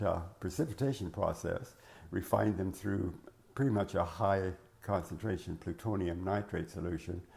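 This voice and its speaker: Older man, oral history interviewee: low, gravelly, reminiscing, lots of "uh" and restarts, voice cracking at times. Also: darkish tone. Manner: rambling, reminiscing, many fillers and restarts. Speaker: interviewee recalling his working life.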